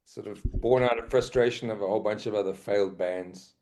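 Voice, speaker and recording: A South African man talking easily as a podcast guest. He sounds relaxed and pokes fun at himself, and he is quick to laugh. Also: lowish voice. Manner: laid-back, self-deprecating, laughs easily. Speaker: guest musician. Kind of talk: casual podcast chat.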